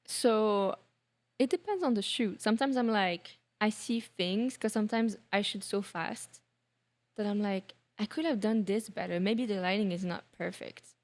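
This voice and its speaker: A woman with a French accent speaks as a podcast guest, relaxed and thoughtful. She uses plenty of casual fillers, and her voice sits at an ordinary middle pitch. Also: normal speed. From France. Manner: relaxed, reflective, many fillers. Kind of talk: casual interview chat.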